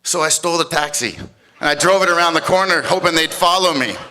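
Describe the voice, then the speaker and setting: A man voicing his easygoing young friend, a lover not a fighter, telling his side in a relaxed, matter-of-fact way. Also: fairly high pitch, quick pace, pitched above the performer's own voice, low-quality recording. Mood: sheepish pride.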